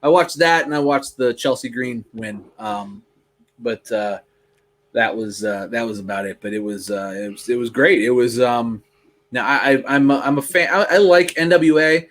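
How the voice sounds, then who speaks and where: A man's voice: medium pitch, moderate pace. A man co-hosting a casual wrestling podcast, talking in rambling bursts full of restarts and fillers. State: bit tongue. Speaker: podcast co-host. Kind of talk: casual chat.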